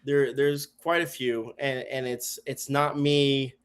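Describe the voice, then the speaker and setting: A man guesting on a podcast, chatting casually and telling animated stories that act out what other people said. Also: mid-range voice, takes it slowly, clear, resonant tone. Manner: animated storyteller, acts out quoted people. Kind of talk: casual chat. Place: home garage studio.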